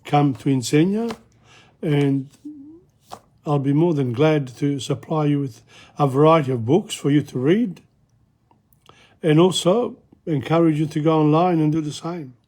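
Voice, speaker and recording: Male teacher, slightly high voice, unhurried, chatty, a bit hoarse. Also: mellow. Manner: chatty, self-interrupting, repeats phrases slowly. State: losing his voice, coughing. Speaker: French teacher. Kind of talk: casual spoken language lesson.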